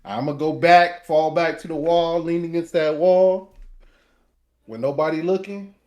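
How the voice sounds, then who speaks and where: A man at a tabletop game banters playfully and leans heavily on slang. His voice sits a little high. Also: steady tone, measured pace, darkish tone. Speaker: player. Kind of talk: casual tabletop play.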